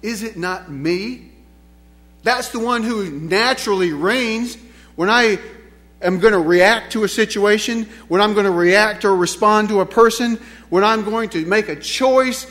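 A man's voice: sits high, moderate pace, a bit bright. A man preaching a sermon in a church, emphatic and repetitive, asking the congregation rhetorical questions. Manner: emphatic, repeats key phrases, asks rhetorical questions.

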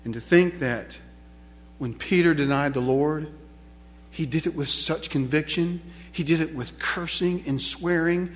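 A man's voice: fairly high pitch, unhurried. A man preaching a sermon in a church, emphatic and repetitive, asking the congregation rhetorical questions. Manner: emphatic, repeats key phrases, asks rhetorical questions.

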